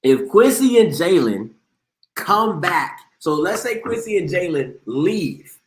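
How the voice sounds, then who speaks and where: A man's voice: sits high, big pitch swings, takes it slowly, reverberant. A man hosting a live sports talk show, talking in an emphatic, slangy way and repeating himself for effect. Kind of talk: casual sports commentary.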